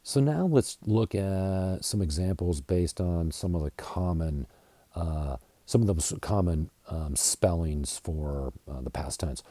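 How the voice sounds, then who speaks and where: An American man teaching an English grammar lesson, going slowly and deliberately and spelling words out letter by letter. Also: deep voice, lively intonation, mellow, no room sound. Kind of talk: slide-based grammar lesson.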